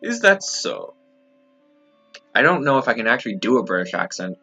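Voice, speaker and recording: A young man with a very low yet bright, forceful voice chats through a game stream, joking and reading on-screen text aloud. His talk is loose and full of fillers. The mic sounds dull and lo-fi, with faint game music underneath. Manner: jokey, chatty, lots of "like" fillers. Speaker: streamer, indie game developer. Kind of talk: casual let's-play commentary, reading game text aloud.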